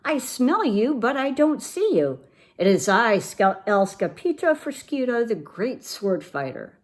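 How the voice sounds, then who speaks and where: An excitable little Siamese kitten boy who swaggers about as a Chihuahua, with a hammed-up Spanish accent, as a woman reading a storybook puts him on. His pitch leaps up and down with lively bounce. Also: normal speed. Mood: playful. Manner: exaggerated Spanish accent put on.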